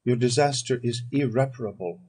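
A man's voice: mid-range voice, fairly quick, mellow, slightly rough, lightly acted. A man voicing a grieving, loyal young male friend who speaks earnestly and consolingly. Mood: sorrowful.

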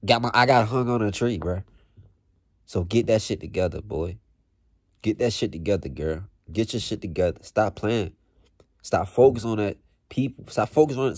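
Young guy with a lowish voice going off on a profane pep talk, dry close sound. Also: moderate pace, slightly rough, no room sound. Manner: blunt, profane, repetitive, slangy. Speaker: vlogger. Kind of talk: motivational rant.

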